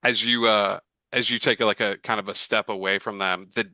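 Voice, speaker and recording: Game master, rambling narration, very bright dry voice. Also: male voice, fairly low pitch, fairly even intonation, fairly quick, no room sound, low-quality recording. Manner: rambling, lots of fillers and restarts.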